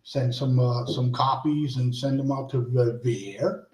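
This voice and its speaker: Male talk-show co-host, playful, drawn-out delivery, echoey room. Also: mid-range voice, a little mellow. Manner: playful, announcer-like hype. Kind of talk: casual chat.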